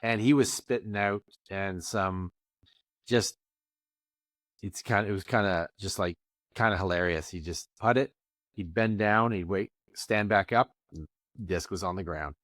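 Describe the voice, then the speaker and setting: A man co-hosting a casual podcast, rambling and animated with lots of restarts and fillers. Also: low-pitched, a little slow, long pauses, dry recording. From Canada. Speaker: podcast co-host. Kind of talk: casual chat.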